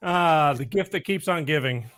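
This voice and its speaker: A man's voice: on the high side, moderate pace, a bit bright, dry recording, studio quality. A middle-aged man hosting a podcast, chatting casually and rambling a bit. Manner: rambling, self-interrupting. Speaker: podcast host. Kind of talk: casual chat, telling a joke.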